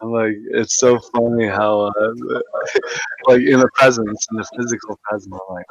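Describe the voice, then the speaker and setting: An excitable man who keeps laughing and tripping over his words in a casual late-night call. His voice is of middle pitch for a man. The sound is dry and close, with almost no room echo. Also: a little slow, highs cut off. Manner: excitable, laughing, stammering restarts. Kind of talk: casual group call chat.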